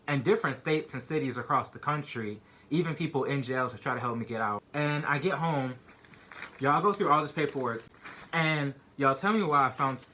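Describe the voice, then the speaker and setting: Bright-voiced young man telling a story. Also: medium pitch. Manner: animated, addresses viewers as "y'all", many "like" fillers. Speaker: vlogger telling a personal story. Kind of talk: casual storytime monologue.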